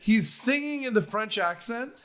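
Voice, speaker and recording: A man's voice: very high voice, animated, moderate pace. A man hosting a movie podcast, chatting casually in a joking way and swearing freely. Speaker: podcast host. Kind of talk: casual movie-review chat.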